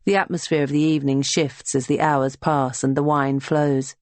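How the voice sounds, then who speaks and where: A narrator reads a historical novel aloud in a steady, even storytelling manner. The voice sits at a middle pitch. The recording is dry and close. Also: moderate pace, few pauses, dry recording. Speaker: audiobook narrator. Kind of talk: scripted narration.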